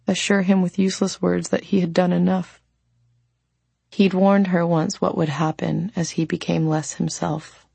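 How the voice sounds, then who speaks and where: A woman narrating a novel as an audiobook in a calm, reflective way. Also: fairly low pitch, vocal fry, breathy edge, no echo. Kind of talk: scripted narration.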